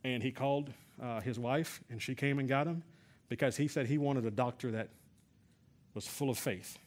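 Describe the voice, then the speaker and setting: A middle-aged pastor from San Antonio, Texas, preaches a sermon in a mid-range voice at a moderate pace. He tells a personal story conversationally, with many fillers and restarts.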